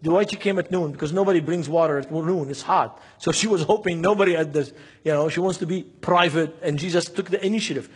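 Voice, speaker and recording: Male preacher, high husky voice, impassioned, lots of rhetorical questions. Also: fast talker. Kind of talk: sermon.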